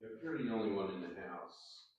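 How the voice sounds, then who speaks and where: Brief: curt, offhand male cop, low voice, far off in a very echoey room. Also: expressive, moderate pace, a crowd in the background. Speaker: police officer. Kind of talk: casual interview chat. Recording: distant, very echoey, dull.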